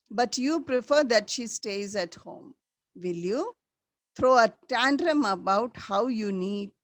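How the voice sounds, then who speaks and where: A woman teaching a school class, slowly repeating the key words for her students. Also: medium pitch, a bit bright, dry recording. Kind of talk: classroom lesson.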